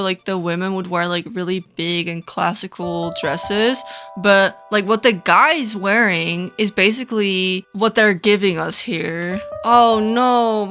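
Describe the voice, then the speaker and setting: A woman talks through game outfits in a casual, chatty way, swinging into dramatic mock outrage. Her voice sits at an ordinary middle pitch. Soft background music plays quietly behind her. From Netherlands. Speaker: gaming content creator.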